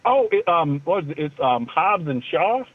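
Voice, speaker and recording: This co-host has a slightly high, sing-song voice and talks at a normal speed. He rambles in a loose, joking manner during casual talk-radio chat heard over a tinny phone line.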